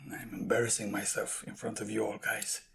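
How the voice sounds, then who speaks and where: A man's voice: fairly low pitch, gravelly. A man talking casually to camera in a food tasting vlog, explaining and eating as he goes. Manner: chatty, talks while eating and handling jars. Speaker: food vlogger.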